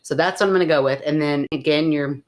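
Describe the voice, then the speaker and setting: A woman co-hosts a relaxed podcast in a notably deep voice. She reacts fast, hums agreement, and speeds up when she gets excited about a point. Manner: lively, quick reactions, frequent hums of agreement. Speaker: podcast co-host. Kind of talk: casual chat.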